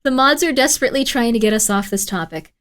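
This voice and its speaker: A woman's voice: fairly high pitch, expressive, fast talker, a bit bright. A woman streamer chatting casually with her live chat, giggly, rambling and full of apologies. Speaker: streamer reacting to videos.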